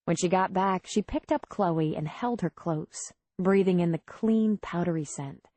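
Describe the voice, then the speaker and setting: A woman narrating a romance audiobook in a measured, even way. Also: lowish voice, no room sound. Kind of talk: scripted narration.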